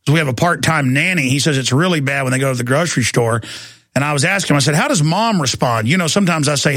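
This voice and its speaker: A man's voice: on the high side, fast, fairly bright tone, no echo. A middle-aged man hosting a talk radio show, ranting heatedly and often stammering and repeating his words.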